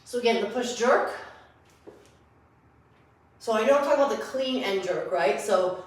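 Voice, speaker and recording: A woman's voice: a little high, animated, normal speed. Scratchy-voiced woman coaching in an echoey room. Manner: talks while demonstrating lifts, correcting herself. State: scratchy voice from allergies. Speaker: fitness coach. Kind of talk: workout tutorial.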